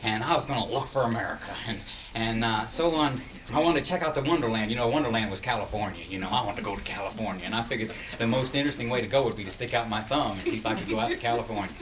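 A man's voice: fairly low pitch, very fast, fairly bright tone. Rambling folksy male storyteller. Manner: rambling, many restarts, chuckling. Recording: distant mic with clear noise.

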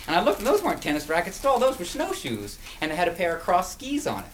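A man's voice: high voice, huge pitch swings, fast, few pauses. A man telling a story in a folksy, rambling way, full of restarts and chuckles. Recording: distant mic with clear noise.

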